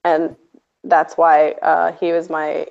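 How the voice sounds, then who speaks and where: A woman hosts a stream, chatting casually with a sarcastic edge and laughing often. Her voice sits fairly low and has a gravelly, fry-heavy texture. The recording sounds dull and lo-fi. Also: monotone, takes it slowly. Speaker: stream host. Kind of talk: casual chat. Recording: dull lo-fi audio.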